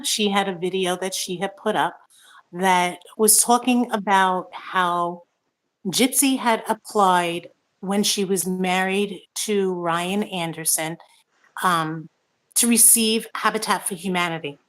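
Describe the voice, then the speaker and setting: A middle-aged woman hosting a casual talk show, ranting angrily and swearing as she reads out viewer comments. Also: medium pitch. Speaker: host. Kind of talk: casual chat.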